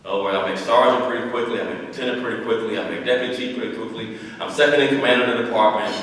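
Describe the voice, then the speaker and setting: A man's voice: mid-range voice, steady tone, racing, a bit bright. A man in his fifties giving an earnest storytelling speech as a former police chief, repeating phrases for emphasis. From Dallas, Texas. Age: 50s. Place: large hall, speaking to an audience. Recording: echoey hall from far off.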